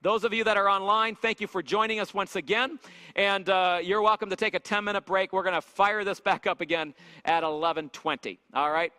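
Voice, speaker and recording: A man's voice: sits high, fairly even intonation, fairly quick, bright, forceful tone, clear, resonant tone. A man leading a church leadership workshop, telling stories and asking the audience questions with lots of energy. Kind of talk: church leadership seminar teaching. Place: church hall. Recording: echoey hall with long reverb.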